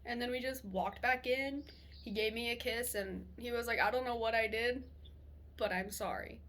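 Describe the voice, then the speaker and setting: A young woman vlogger telling a personal story in a chatty, animated way, swearing freely and laughing as she goes. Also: a little high, normal speed, a little hiss or hum. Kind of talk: casual storytelling to camera.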